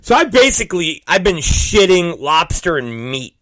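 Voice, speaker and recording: Crude, animated forty-something man host. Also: high-pitched, normal speed, no echo. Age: 40s. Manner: vulgar, repetitive, bursts into shouted exclamations. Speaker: podcast host. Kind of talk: crude comedic monologue.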